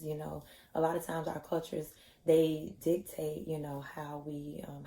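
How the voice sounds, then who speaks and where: A woman's voice: sits low, gravelly, dark tone. A woman chatting candidly in a casual vlog about her yoga training, with lots of "you know" fillers. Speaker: vlogger, yoga instructor trainee. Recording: echoey room.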